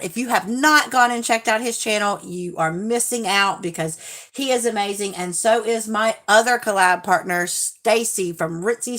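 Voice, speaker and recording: A woman's voice: mid-range voice, fairly bright tone. Bubbly woman greeting her live chat. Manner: bubbly, greets viewers by name, rambling. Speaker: livestream host; teacher. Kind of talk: casual livestream chat.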